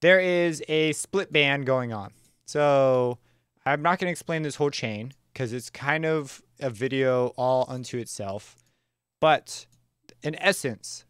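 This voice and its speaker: A man teaching a casual music production tutorial, talking in a relaxed, chatty way with slang and plenty of fillers and self-corrections. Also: mid-range voice, smooth, no room sound, studio quality. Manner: enthusiastic, uses slang. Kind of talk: casual screen-recorded software tutorial.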